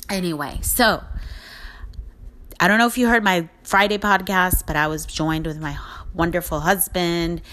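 A woman's voice: lowish voice, fairly even intonation, measured pace, a bit bright, a little hiss or hum. A middle-aged woman hosting a podcast, talking in an earnest, encouraging way and rambling with restarts. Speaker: podcast host. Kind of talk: casual motivational monologue.

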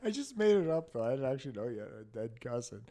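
A man's voice: medium pitch, big pitch swings, quick pace, warm tone. A man co-hosting a comedy podcast, teasing his partner with mock-earnest, improvised banter. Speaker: podcast co-host.

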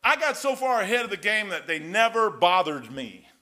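A man's voice: sits high, very animated, normal speed, pushed and bright. An older man preaching in a casual, rambling storytelling way, full of folksy anecdotes and saying "man" a lot. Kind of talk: storytelling sermon.

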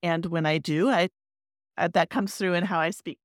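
A woman's voice: on the low side, steady tone, normal speed, no echo, studio quality. A woman in her forties hosting a podcast interview, talking in a reflective, personal way. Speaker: podcast host.

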